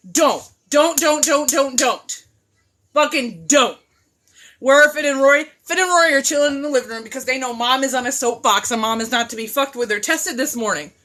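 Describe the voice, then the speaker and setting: A woman's voice: sits high, pushed and bright. A woman, probably in her thirties, hosting a casual live chat from her phone, talking bluntly and profanely in passionate rants. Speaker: live-stream host.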